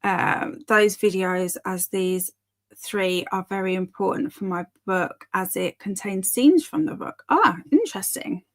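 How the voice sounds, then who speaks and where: In an unhurried, mid-range voice, this woman in her thirties runs a relaxed live stream for her reading-sprint audience. She giggles, chats freely, and reads out messages from the chat.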